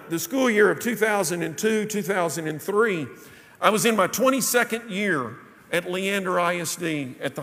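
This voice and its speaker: A man with a fairly high voice preaches, weaving scripture into a personal story. He drops his voice low and quiet when he quotes others. The sound rings with the long reverb of a big hall.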